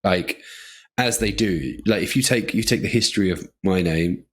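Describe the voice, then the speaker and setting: Man, very deep voice, husky, meandering casual podcast talk. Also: normal speed. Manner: loose, meandering, filler-heavy. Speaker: podcast co-host. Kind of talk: casual chat.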